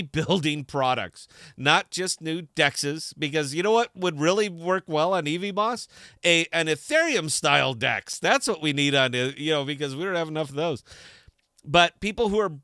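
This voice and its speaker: A man's voice: mid-range voice, sharp tone, clean tone, no echo, studio quality. A man hosting a livestream podcast in casual chat, fired up and blunt, with salty language. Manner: fired-up, blunt, profane ranting. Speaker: podcast host.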